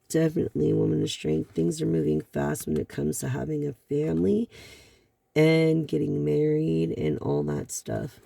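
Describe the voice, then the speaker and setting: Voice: medium pitch, creaky, warm tone, no room sound. A tarot reader giving a card reading to a viewer, rambling along with many fillers and sighs.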